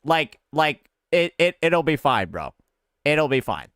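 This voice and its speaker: Casual male streamer from the South, chatty and repetitive, bright lively voice, dry mic. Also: fairly high pitch, takes it slowly, clean tone, no room sound. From American South. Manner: loose and chatty, repeats himself. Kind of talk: casual live-stream chat.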